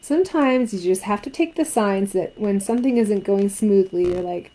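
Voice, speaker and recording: A woman's voice: mid-range voice, animated, moderate pace, few pauses, mellow, rough recording. Chatty woman teaching card-making. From Canada. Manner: chatty, asks viewers questions. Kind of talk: crafting tutorial.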